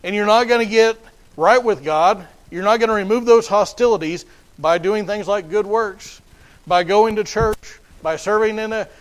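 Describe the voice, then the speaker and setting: Man, high voice, sermon, emphatic, repeats and restarts phrases. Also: moderate pace, low-quality recording. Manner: emphatic and repetitive, with frequent restarts. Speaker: preacher.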